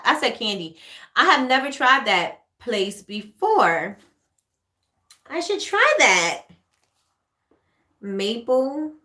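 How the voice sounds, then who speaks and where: A woman with a New York accent hosts a relaxed livestream Q&A, her voice bright and forward. She talks in a loose, chatty way, repeats phrases, and reads viewer comments aloud between tips. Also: a little high, roomy sound. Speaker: livestream host, candle maker. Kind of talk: casual livestream Q&A. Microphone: webcam or phone livestream.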